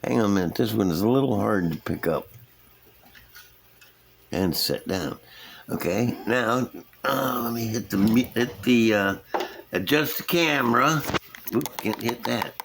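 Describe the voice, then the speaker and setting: A man's voice: fairly low pitch, measured pace, vocal fry, pauses often, fairly bright tone, a little hiss or hum. A middle-aged man, casually showing his model builds at an indoor workbench and chatting in a folksy, rambling way. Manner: folksy, rambling, chuckles at himself. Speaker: scale model builder, channel host.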